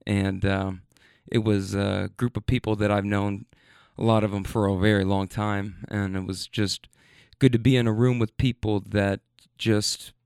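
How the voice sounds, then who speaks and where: A man's voice: lowish voice, little pitch movement, a little slow, creaky, a little mellow, clean tone, dry recording, clean studio sound. A man hosting a late-night rambling monologue, loose and laughing, repeating himself and getting sentimental, a bit tipsy. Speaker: podcast host. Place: studio.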